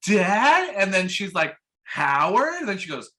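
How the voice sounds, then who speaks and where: A young man with a bright, forceful voice retells a plot in casual podcast chat. He talks animatedly and drops in quick voiced impressions of the characters. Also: sits high. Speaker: podcast co-host.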